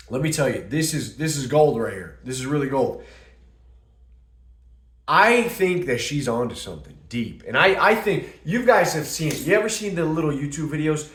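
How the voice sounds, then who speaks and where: A man's voice: fairly high pitch, normal speed. Young male vlogger, loose storyteller who acts out what people said, roomy echo on the mic. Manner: rambling, animated storytelling with quoted asides. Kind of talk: casual monologue to camera. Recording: echoey room.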